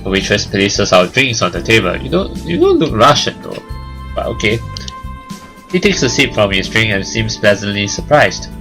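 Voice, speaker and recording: A man's voice: fairly low pitch, very animated, moderate pace, pushed and bright, faint music behind, rough recording. A young man hosting a let's play, reading the narration aloud and adding joking, sarcastic asides.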